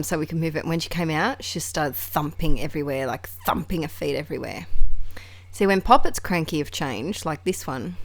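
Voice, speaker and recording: A woman's voice: fairly low pitch, dry recording. A woman narrating her scrapbooking in a chatty, rambling way, with laughs and asides. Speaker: scrapbooking crafter. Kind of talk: casual craft vlog narration.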